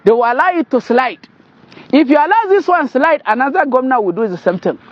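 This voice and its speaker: A man's voice: very high-pitched, animated, a little fast. A Nigerian man commenting on a clip, translating it line by line and scolding indignantly. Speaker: political commentator. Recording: dull lo-fi sound.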